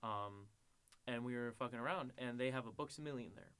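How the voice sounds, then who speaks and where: A man's voice: medium pitch, brisk, fairly bright tone, clean tone. A young man co-hosting a podcast, telling crude stories in casual chat and laughing as he acts out the people in them. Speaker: podcast co-host.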